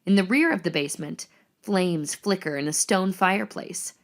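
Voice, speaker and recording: A woman narrating the action lines of a screenplay reading in a measured, descriptive way. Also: on the low side.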